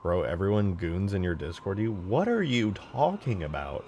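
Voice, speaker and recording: A man's voice: sits low, very animated, moderate pace, hardly any pauses, darkish tone, a little hiss or hum. A young man casually streaming while modding a game map, rambling and swearing in slangy talk.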